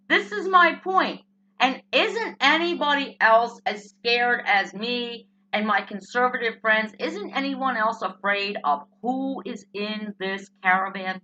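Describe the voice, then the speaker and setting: A woman's voice: on the high side, lively intonation, measured pace, pushed and bright, lo-fi sound. A woman with a New Jersey accent delivering a blunt, profane comic rant as a political commentator. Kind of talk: ranting comic monologue.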